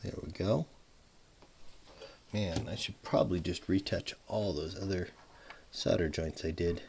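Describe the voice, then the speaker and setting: A man's voice: sits low, fairly even intonation, measured pace, vocal fry, a little mellow, slight background noise. A man narrating his hardware soldering as he works, mumbling and trailing off mid-thought, at a home workbench, leaning in and out from a desk microphone. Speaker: hobbyist modder. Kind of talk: casual narration while soldering.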